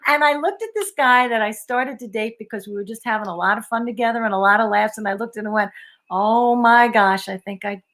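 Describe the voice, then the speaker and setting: A woman's voice: on the high side, quick pace, few pauses. An older woman, telling stories in a casual chat and laughing often. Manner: animated storyteller, laughs often. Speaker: co-host.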